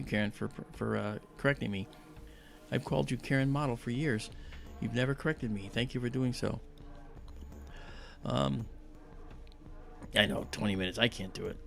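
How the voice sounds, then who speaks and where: A man's voice: medium pitch, gravelly, a bit bright. A man hosting a live astronomy stream, chatting in a rambling, friendly way with many fillers and greeting viewers by name. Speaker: livestream astronomy host. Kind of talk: casual livestream chat.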